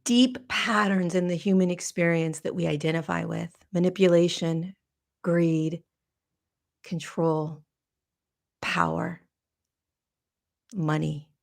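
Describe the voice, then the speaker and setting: A middle-aged woman hosting a podcast, speaking slowly in a reflective spiritual monologue, halting and emotional as she searches for words. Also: lowish voice, fairly even intonation, creaky. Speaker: podcast host.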